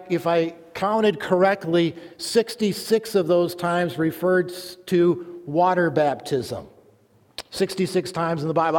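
Guy preaching a sermon, kinda high voice, long church reverb. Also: a little mellow. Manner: earnest preaching with a folksy joke. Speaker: pastor. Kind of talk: sermon with scripture reading.

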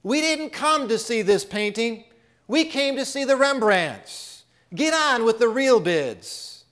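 A man's voice: very high voice, animated, unhurried, a bit bright, voice pushed up, full character voice. A man voicing an impatient, angry bidder who calls out demands from a crowd.

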